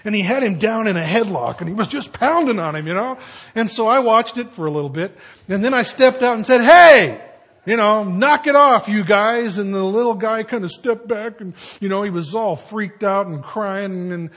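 A man's voice: high voice, brisk, husky. An older man, a pastor, preaching a sermon to his congregation with folksy storytelling and conversational asides.

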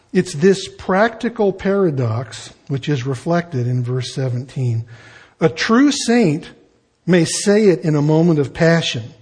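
A man's voice: on the high side, darkish tone, breathy edge. A man preaching an expository sermon in a conversational way, with asides and shifting emphasis. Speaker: pastor.

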